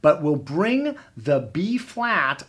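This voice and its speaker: A double bass teacher giving an encouraging, step-by-step demo lesson, with bass notes played between phrases. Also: sing-song, takes it slowly, fairly bright tone, slightly rough. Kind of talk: instructional demo with playing.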